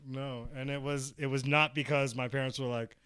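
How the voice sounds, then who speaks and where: A young man telling a funny story in casual chat, animated, laughing often and swearing. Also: mid-range voice, normal speed, clean tone, dry recording, studio quality. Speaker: guest. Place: Arizona.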